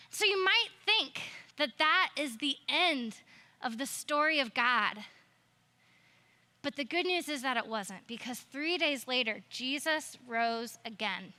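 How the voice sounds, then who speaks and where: A woman with a high, bright voice, telling a story to a youth group. She is playful and chatty and drops jokey asides along the way. She sounds like she is in her thirties. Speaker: youth ministry speaker. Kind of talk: storytelling talk with flannel graph.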